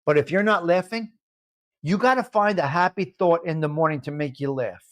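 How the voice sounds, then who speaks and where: An older man talks in a high voice for a man. He rambles through a casual live stream, brash and profane, swearing freely. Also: normal speed. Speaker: livestream host.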